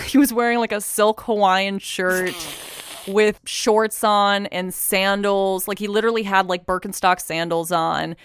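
A young woman talks straight to her audience, telling a personal story in a loose, chatty way, full of fillers and casual swearing. Her voice is smooth and clear. The sound is dry and close. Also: medium pitch, fairly even intonation, moderate pace, no echo. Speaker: vlogger.

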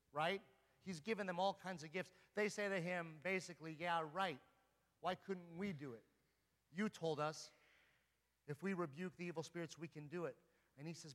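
A man's voice: fairly high pitch, pushed and bright. A man preaching a sermon as an Orthodox priest in a church, speaking earnestly and pressing his listeners with repeated rhetorical questions. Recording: long reverb of a large hall.

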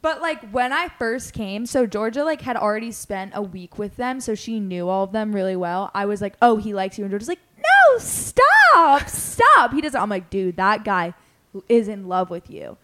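A young woman hosting a podcast, telling a story in casual chat, animated and full of "like" fillers as she acts out what people said. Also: mid-range voice, normal speed. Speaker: podcast host.

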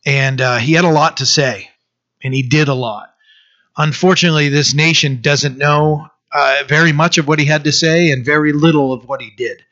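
Guy preaching, slightly high voice, stops and restarts a lot, kinda muffled lo-fi recording. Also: fairly even intonation, bright, forceful tone. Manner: halting, many fillers and restarts. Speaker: pastor. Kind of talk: sermon.

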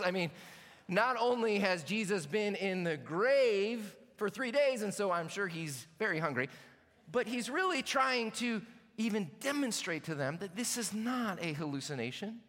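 A man preaches a sermon, his bright voice swinging widely in pitch. He slips into playful acted asides, and his words ring with a long reverb from a large hall. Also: big pitch swings, normal speed. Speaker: pastor.

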